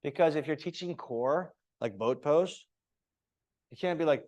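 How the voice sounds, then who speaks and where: A man teaching a yoga teacher training class, talking in an emphatic, animated way and often checking in with his students. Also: on the high side, unhurried.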